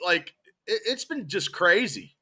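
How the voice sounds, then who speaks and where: A man's voice: sits high, sing-song, measured pace, sharp tone, husky. A man co-hosting a casual sports podcast over a video call, telling stories and cracking jokes. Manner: joking, storytelling. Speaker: podcast co-host.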